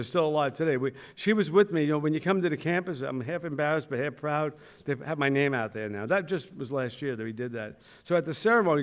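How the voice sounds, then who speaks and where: Older male speaker, storytelling ceremony address, self-deprecating, mid-pitched voice. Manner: storytelling, self-mocking, acts out quoted voices. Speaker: school founder giving a speech. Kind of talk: anecdotal ceremony speech.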